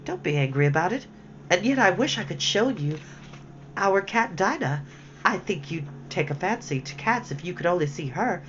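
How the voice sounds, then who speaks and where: A woman's voice: on the low side, expressive, moderate pace, close to an everyday voice. A woman voicing a polite, curious young girl who talks eagerly and apologizes often, for a read-aloud storybook. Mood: soothing. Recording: dull lo-fi with faint hiss.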